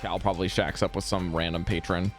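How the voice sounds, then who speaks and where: A man running a tabletop game as game master, narrating in a laughing, animated way. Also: low voice, a little fast, faint music behind.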